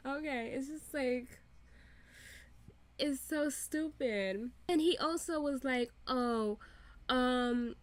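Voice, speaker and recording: Hosting a reaction channel, a woman whose voice sits high but has a darkish tone rants with exasperation and profanity. She fills her commentary with "like," restarts, quick rants and laughter.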